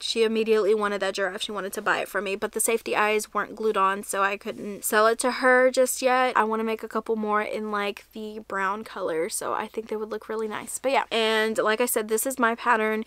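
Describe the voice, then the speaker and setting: A woman's voice: on the high side, pushed and bright, clear, resonant tone, dry recording. A young woman chatting casually in a crochet vlog, rambling and correcting herself as she shows her projects. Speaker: crochet vlogger. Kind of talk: casual show-and-tell vlog.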